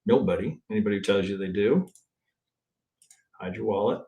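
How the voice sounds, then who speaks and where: A man teaching trading in a live-stream chart review, thinking aloud in a blunt, profane way and tagging his points with a quick "right?". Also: lowish voice, warm tone, highs cut off. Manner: thinks aloud, counts waves, restarts often. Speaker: trading instructor.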